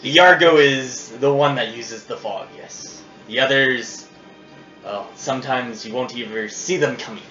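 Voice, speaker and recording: A man's voice: mid-range voice, a little slow, pushed and bright. A man narrating as game master at a tabletop game, chatty and casual, recorded on a phone. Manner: casual, chatty, laughs often. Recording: roomy, dull phone recording with music.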